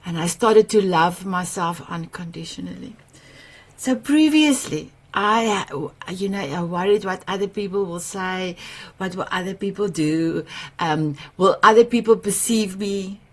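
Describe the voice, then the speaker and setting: Hosting a summit on a video call, this Afrikaans-speaking woman with a South African accent tells personal stories at a measured pace. Her pitch is medium, and she's gushing and emotionally warm, laughing frequently.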